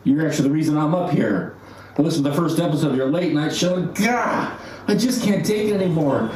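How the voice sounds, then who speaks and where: A man's voice: a little high, a little fast, a little mellow, close to an everyday voice. A man playing a disgusted, fed-up male radio listener with whiny, exasperated groaning, recorded outdoors on a rooftop at night. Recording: echoey, distant, noisy outdoor recording.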